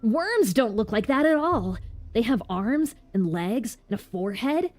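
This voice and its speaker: A woman's voice: a little high, big pitch swings, unhurried, pitched above the performer's own voice. Woman doing a cheeky, taunting little boy. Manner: mocking, playful, childish questions.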